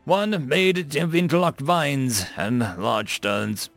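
A courteous winged servant, a touch high and gravelly, voiced by a male narrator. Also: animated, takes it slowly, a bit bright, dry recording, soft background music, full character voice. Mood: deferential. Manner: deferential, addresses others as sir. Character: dutiful winged male familiar, polite and cautious.

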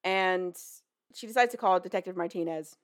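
A woman on a podcast retelling a book's plot in a casual, animated way, swearing and paraphrasing the characters. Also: lowish voice, moderate pace. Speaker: podcast co-host. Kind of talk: casual chat recapping a book.

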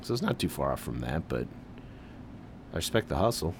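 Speaking briskly, this Midwestern podcast host with a very low voice riffs casually by himself. Easygoing but prone to bursts of excitement, he sprinkles in "man" and the occasional curse word. Soft background hiss is audible throughout.

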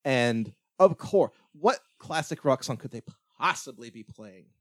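A man co-hosts a casual film podcast, walking through the plot in a loose, meandering recap. His pitch sits right in the middle of the range, and he leans on "like" and restarts sentences as he goes. The recording is close and completely dry. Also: animated, measured pace, no echo. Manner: rambling retelling full of "like" and restarts. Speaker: podcast co-host. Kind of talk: casual movie-recap chat.

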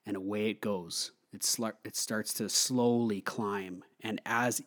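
A man's voice: lowish voice, fairly even intonation, a little slow, fairly bright tone. A young man casually talking through a film review, chatty with frequent fillers and laughter. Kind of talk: casual movie review monologue.

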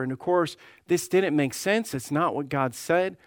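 A man's voice: a little high, measured pace, few pauses, dry recording, clean studio sound. A man preaching a sermon as lead pastor, reading scripture aloud and often repeating words as he presses his point. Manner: repeats words when emphatic, voices God and Sarah in quotes; reads scripture in old-style wording.

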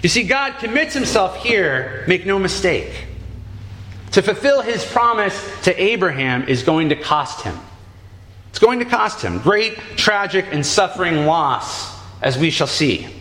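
A man preaching a sermon, telling stories with dramatic pauses. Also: high voice, sing-song, a bit bright, reverberant. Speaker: pastor.

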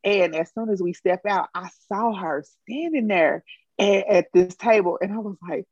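A woman telling a personal story in a casual, animated way and acting out the quotes. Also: mid-range voice, moderate pace, no room sound, muffled recording. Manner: animated, acts out quotes, emotional.

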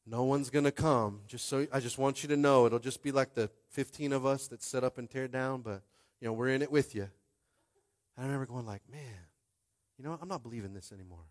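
A young man preaching a sermon as pastor, conversational and animated, calling out to the congregation. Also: medium pitch, brisk.

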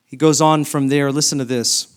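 A middle-aged man preaching a sermon as pastor, moving from quiet, reflective scripture reading to loud, high-pitched, impassioned appeals. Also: fairly even intonation, normal speed.

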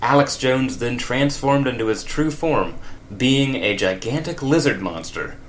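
A man's voice: mid-range voice, expressive, unhurried, slight background noise. A man reading comedic fan fiction aloud, with wry, laughing asides. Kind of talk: comedic read-aloud with commentary.

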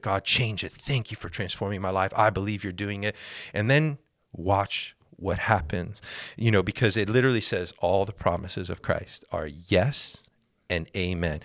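A man with a low voice teaches faith on a podcast. He speaks earnestly, circles back over his key phrases and slips into first-person prayers. The recording is dry and close. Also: fairly bright tone, no echo. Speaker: podcast host.

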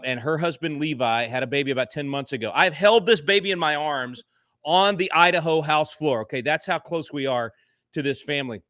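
A middle-aged man appears as a guest giving impassioned talk show commentary, speaking with fervent anger and frequently restarting. His voice is on the high side with a sharp tone, in a dry, studio-quality recording.

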